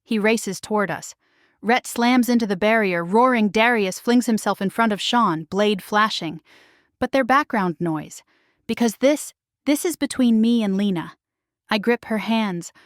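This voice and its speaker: A woman reading a first-person paranormal romance story aloud, hushed and emotional. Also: mid-range voice, unhurried, no echo, clean studio sound. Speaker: narrator.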